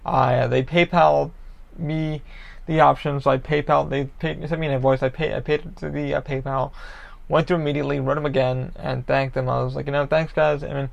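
Gravelly-voiced man ranting casually. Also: a little high, little pitch movement, fairly quick, dull audio. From Orlando, Florida area. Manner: profane, rambling, frustrated. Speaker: podcast host. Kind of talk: casual solo rambling.

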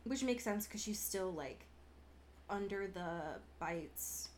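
A woman's voice: medium pitch, animated, slow pace. A young woman co-hosting a podcast, recapping a show in a casual, thoughtful way with many fillers. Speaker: podcast co-host.

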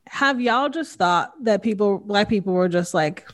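A woman hosting a podcast, talking in a casual, animated way and acting out the voices of people she quotes. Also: mid-range voice, a little slow. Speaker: podcast host. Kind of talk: casual conversation. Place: her kitchen at home.

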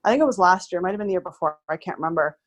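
A woman's voice: on the low side, racing. A woman who works in pest control, chatting casually as an interview guest, rambling with many fillers.

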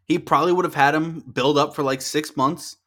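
Profane excitable young man talking wrestling. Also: fairly high pitch, a little fast, a loud crowd. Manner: profane, excitable, talks over his co-host. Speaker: podcast co-host. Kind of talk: casual wrestling podcast chat.

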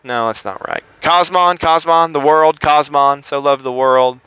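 A Southern-accented man, middle-aged, talks through a topic in a loose, meandering podcast monologue. His voice is bright and smooth, and he often stops to correct himself or reach for a word. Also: fairly high pitch, unhurried, no echo, poor audio. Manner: rambling, self-correcting, with many fillers. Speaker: podcast host. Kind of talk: casual teaching monologue.

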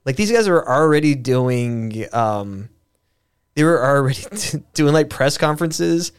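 A man's voice: on the high side, lively intonation, unhurried, smooth. A man hosting a podcast, talking in a loose, rambling way with restarts and fillers and plenty of swearing. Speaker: podcast host. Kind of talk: casual conversational commentary.

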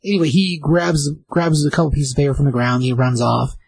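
Dude rambling through a comic recap, lots of uh, kinda husky, dry close mic. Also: male voice, on the high side, darkish tone, no room sound, low-quality recording. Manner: rambling, filler-heavy retelling with quick voices. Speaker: comic book reviewer.

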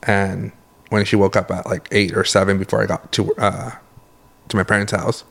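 A man's voice: sits low, little pitch movement, normal speed, creaky, fairly bright tone. A man co-hosting a podcast, chatting casually and telling rambling stories, often correcting himself and laughing. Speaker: podcast co-host; works in the medical field. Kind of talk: casual chat.

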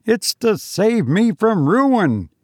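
Pitching his voice up above his natural range, a man plays a broke young schemer with a light, mocking manner. The exaggerated delivery is high, slow, a little mellow, and full of big pitch swings, recorded in studio quality with no echo.

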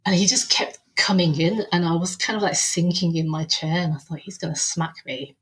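A woman, a podcast guest telling a personal story in conversation. She retells it lively, acting out what people said and often filling pauses with "um". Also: on the low side. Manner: lively retelling, acting out quoted dialogue, frequent "um" and "I was like".

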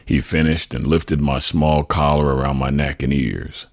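Very deep husky guy reading his memoir, dry close mic. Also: fairly even intonation, moderate pace, darkish tone, no room sound. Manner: tender, reflective storytelling. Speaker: podcast host.

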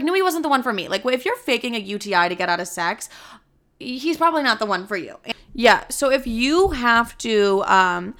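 Smooth-voiced young woman telling stories. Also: medium pitch. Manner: profane, animated retelling with lots of "like". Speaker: vlogger. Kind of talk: casual storytime vlog. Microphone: own camera.

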